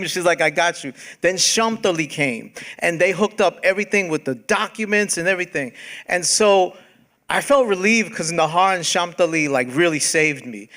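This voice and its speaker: A man speaking on a panel, telling stories in a slangy, animated way. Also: high-pitched. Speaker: panelist, documentary director. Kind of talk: casual panel talk. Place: event hall with audience.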